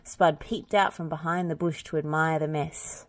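A woman reading a children's picture book aloud, gentle and expressive. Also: sits low, moderate pace, few pauses. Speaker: storybook reader. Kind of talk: children's read-aloud narration.

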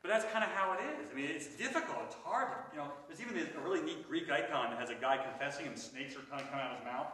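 A male priest giving an animated, conversational adult education talk in a church hall, recorded from a distance. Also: fairly high pitch, rapid-fire, few pauses, slight background noise. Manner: animated, conversational, with acted asides. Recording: echoey room from far off.

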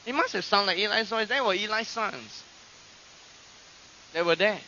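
A man preaching a sermon, teaching from scripture and acting out quoted voices with animated emphasis. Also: sits high, moderate pace, a little hiss or hum. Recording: dull lo-fi archive recording.

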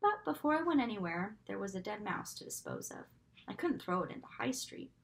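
A woman reading a novel aloud with expressive storytelling, often dropping to a whisper for asides. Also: medium pitch, brisk, a little hiss or hum, rough recording. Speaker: reader.

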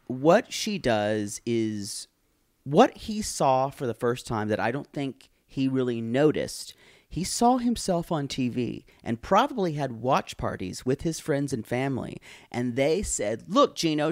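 A man's voice: mid-range voice, takes it slowly, no room sound, clean studio sound. A man co-hosting a podcast, chatting casually and animatedly about a reality show. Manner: chatty, animated, acts out quotes. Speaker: podcast co-host.

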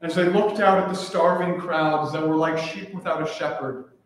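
A man's voice: on the high side, steady tone, moderate pace, a little hiss or hum. A man preaching an earnest, emphatic sermon as pastor, repeating his key phrases. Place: church sanctuary. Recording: echoey church from a distant mic.

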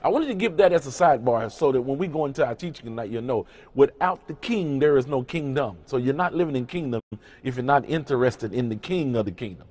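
A man preaching as a pastor to people listening online. He speaks with emphasis and repeats his key lines to drive them home, pausing to greet people by name. His voice sits at an ordinary middle pitch. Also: expressive, darkish tone.

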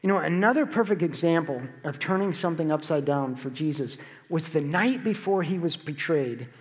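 High-voiced man preaching in a reverberant hall. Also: moderate pace. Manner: storytelling, animated with acted quotes. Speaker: pastor. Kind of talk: sermon. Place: church sanctuary.

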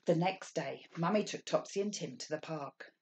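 A woman teacher reading a picture book aloud to children, expressive and asking the listeners questions. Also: low-pitched, moderate pace, a little hiss or hum.

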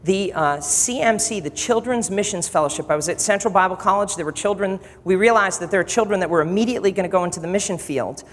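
A man preaching to a college chapel audience, telling stories in an animated, joking way. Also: high-pitched, fast talker, hardly any pauses. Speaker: pastor speaking in a college chapel. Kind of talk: sermon. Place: chapel hall. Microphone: PA microphone. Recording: long reverb hall with faint noise.

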